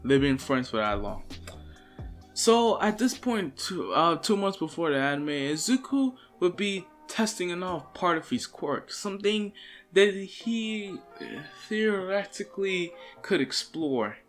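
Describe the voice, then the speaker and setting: A man's voice: sits high, very animated, unhurried, faint music behind. Rambling young man telling a fan story. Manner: rambling, giggly, self-conscious. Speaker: video storyteller. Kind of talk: casual fan-story narration.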